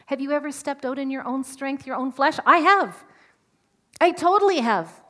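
A woman preaching a sermon, animated and asking her listeners questions, sometimes dropping to a whisper for emphasis. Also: sits high, moderate pace. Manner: animated, asks the audience questions.

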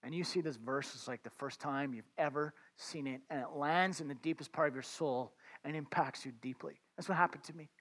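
A man's voice: fairly high pitch, fairly quick, hardly any pauses, a bit bright. Man preaching a casual sermon. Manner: informal, addresses listeners as friends, restarts words. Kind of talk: conversational sermon.

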